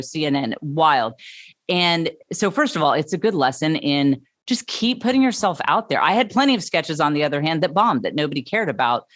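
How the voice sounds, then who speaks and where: A woman, a comedian guest telling stories in an animated, emphatic way. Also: low voice, dry recording. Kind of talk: casual interview chat.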